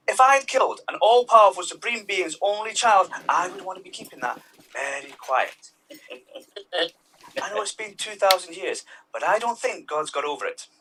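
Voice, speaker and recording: A man doing a stand-up comedy set over a video call, talking in an animated way and jumping into voices for his characters. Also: a little high, distant mic, slight background noise, rough recording.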